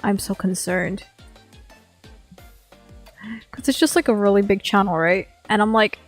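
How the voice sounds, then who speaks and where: A woman's voice: medium pitch, a little slow, long pauses, faint music behind. A woman VTuber streamer talking casually while she works, rambling, swearing freely and filling her speech with "like". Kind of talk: casual live-stream chat. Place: home streaming setup.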